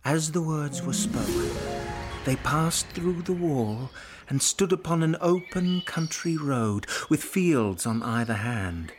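A man narrating a classic story in a measured, expressive way, sometimes dropping to a whisper. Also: on the high side. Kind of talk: dramatic audiobook reading. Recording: narration over music.

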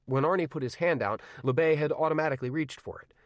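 A man narrating a novel in first person with measured, wry storytelling. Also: a little high, no room sound, clean studio sound. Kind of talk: audiobook narration.

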